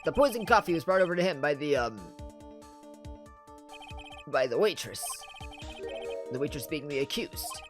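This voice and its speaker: A clumsy, loyal police detective from a courtroom game, put on by a player reading aloud, with an attempted Brooklyn accent. He stammers and apologizes, his pitch bouncing widely. Faint music plays behind. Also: animated, normal speed, pauses often, close to an everyday voice. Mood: flustered. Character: bumbling male police detective, loyal and flustered.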